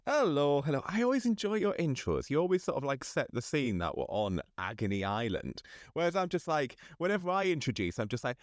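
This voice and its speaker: A man at a middling pitch, talking in easygoing, teasing podcast banter. His voice is lively and varied, recorded dry and close. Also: brisk, few pauses, no room sound. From North East England. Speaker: podcast co-host. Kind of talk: casual chat.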